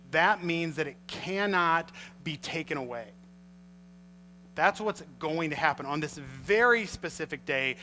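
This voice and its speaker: Bright high-voiced male pastor preaching. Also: slight background noise, low-quality recording. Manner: animated storytelling, acts out scenes. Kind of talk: sermon.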